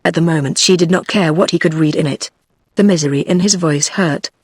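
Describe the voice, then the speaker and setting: A text-to-speech woman's voice with a British English accent, reading a novel aloud in even, machine-paced narration. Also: low-pitched, a little fast, slightly rough, no echo, clean studio sound. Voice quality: even, machine-read delivery. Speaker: audiobook narrator. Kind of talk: synthetic audiobook narration.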